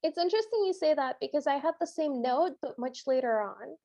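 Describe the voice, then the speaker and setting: A woman with a high, bright voice co-hosts a podcast, recapping an old cartoon in an amused and expressive way. The sound is dry and close, with no room behind it. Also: brisk, vocal fry, no room sound. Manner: amused, expressive, laughs easily. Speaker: podcast co-host. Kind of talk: casual chat reviewing a cartoon.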